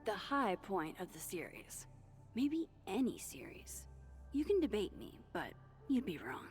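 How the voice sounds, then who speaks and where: A woman's voice: mid-range voice, huge pitch swings, unhurried, soft background music. An actress voicing a wry, self-deprecating young woman photographer in a video game, with sardonic asides. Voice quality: swears under her breath, sardonic asides. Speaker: game protagonist.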